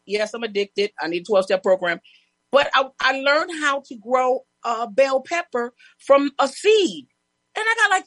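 A woman guest telling lively stories in casual chat, laughing and acting out other people's lines. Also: sits high, dry recording. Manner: animated, laughing, acts out neighbors' lines.

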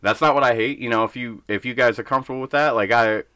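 Brash young man ranting, bright voice. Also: mid-range voice, fast, smooth, no echo. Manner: blunt, ranting, acts out voices in stories. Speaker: podcast co-host. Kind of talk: casual podcast chat.

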